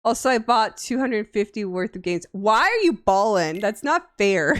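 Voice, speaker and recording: A woman's voice: medium pitch, lively intonation, a little slow, no room sound, studio quality. Playful, gushing woman streamer. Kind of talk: casual live-stream chat.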